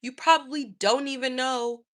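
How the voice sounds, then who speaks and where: A woman's voice: high voice, steady tone, moderate pace. A woman hosting a livestream, ranting in a sassy, profane and indignant way. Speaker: livestream host. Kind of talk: casual livestream rant.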